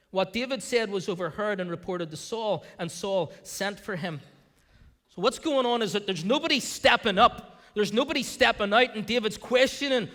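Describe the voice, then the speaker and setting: A male pastor preaching a sermon in a church, animated, acting out the voices of the people in the scripture. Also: high-pitched, long reverb tail. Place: church sanctuary.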